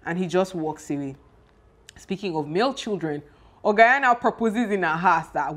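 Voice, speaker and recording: A young woman, casually chatting and recapping a TV series in an animated, exclaiming way. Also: fairly low pitch, moderate pace. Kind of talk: casual chat.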